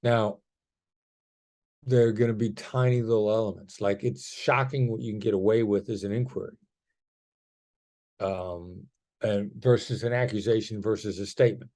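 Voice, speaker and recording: A man's voice: fairly low pitch, steady tone, moderate pace, long pauses, darkish tone. A middle-aged man speaking as a guest in a podcast interview, explaining ideas conversationally and acting out tones of voice in his examples. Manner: demonstrative, acts out tone shifts in examples. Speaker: guest, negotiation expert.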